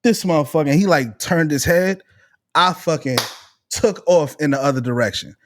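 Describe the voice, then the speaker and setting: A man around thirty, a podcast co-host, telling a story in casual chat, animated and swearing freely. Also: fairly high pitch, normal speed, slight background noise. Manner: animated, swears freely, acts out quoted voices.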